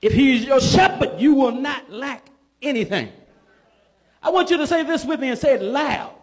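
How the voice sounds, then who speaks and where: A man, a bishop, preaching a sermon in church, calling for responses from the congregation and building up to shouts. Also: very high voice, expressive, normal speed.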